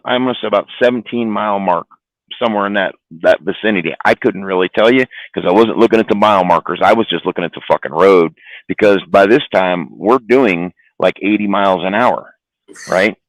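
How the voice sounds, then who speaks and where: Low-voiced trucker telling a profane story. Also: male voice, brisk, dry recording, poor audio. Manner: rambling, profane, repeats words. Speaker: trucker guest. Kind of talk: casual storytelling on a live stream.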